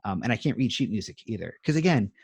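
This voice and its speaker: A low-voiced man in his thirties talks over a video call from his home music room. He rambles in a self-deprecating way, with lots of ums and uhs. The sound is dry and close. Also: sing-song, fast, creaky, darkish tone, husky, no echo. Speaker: interview guest. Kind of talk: casual chat.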